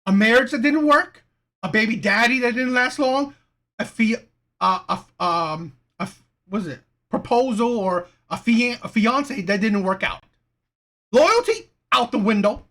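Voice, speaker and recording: Indignant woman ranting with lively pitch. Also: a little slow. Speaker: commentary channel host. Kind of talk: reaction commentary.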